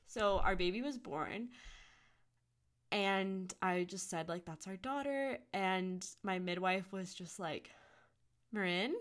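A young woman speaks as a podcast guest, telling her story in a loose, chatty way. Her pitch sits in the middle, and she drops "like" into most sentences and acts out what others said. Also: a little slow. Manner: chatty, heavy use of "like", quotes others in lively voices. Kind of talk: casual storytelling.

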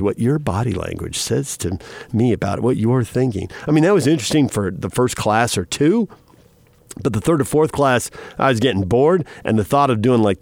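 A middle-aged man hosting a radio talk show, telling chatty stories in a casual, animated way. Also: mid-range voice, vocal fry, no room sound. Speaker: radio host.

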